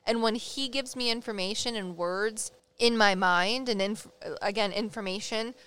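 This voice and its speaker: A woman's voice: medium pitch, moderate pace, clean tone. A woman with a Midwestern accent, a psychic medium co-hosting a casual podcast, telling stories animatedly and laughing often. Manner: animated storyteller, acts out quotes, laughs often.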